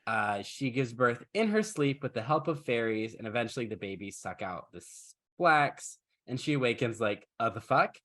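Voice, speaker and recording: A man of middle pitch hosts a podcast in loose, casual chat. His storytelling is wry and sarcastic, and he swears freely. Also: animated, normal speed, few pauses, fairly bright tone. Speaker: podcast host.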